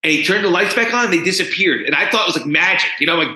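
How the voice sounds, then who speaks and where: A man from New Jersey, a podcast guest, telling his story in an animated, emphatic way. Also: high voice, fast. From New Jersey, USA. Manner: animated, emphatic, swinging between hushed and loud. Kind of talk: casual storytelling. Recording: roomy echo.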